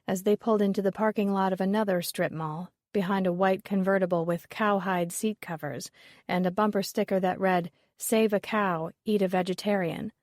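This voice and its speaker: A woman's voice: mid-range voice, dry recording. Woman narrating a mystery audiobook, dry. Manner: steady, measured reading. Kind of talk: scripted narration.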